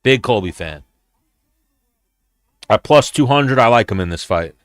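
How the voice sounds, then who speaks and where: A man hosts a casual watch-along and talks to his viewers in a loose, rambling way, swearing freely as he goes. His voice sits at an ordinary male pitch. The sound is close and dry, with no room around it. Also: animated, unhurried, dry recording. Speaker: host.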